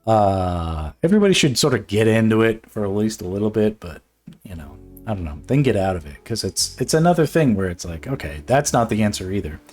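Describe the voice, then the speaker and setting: A man's voice: lowish voice, very animated, brisk, a little mellow, faint music behind. A man who streams his illustration work, chatting casually and rambling while he draws, swearing often, laughing, and filling his talk with restarts and fillers. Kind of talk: casual chat while drawing.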